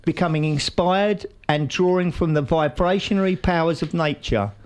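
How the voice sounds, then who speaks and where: A man's voice: on the high side, moderate pace, clear, resonant tone. A New man co-hosting a podcast, telling stories in casual banter and laughing often. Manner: chatty storyteller, laughs often. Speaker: podcast co-host.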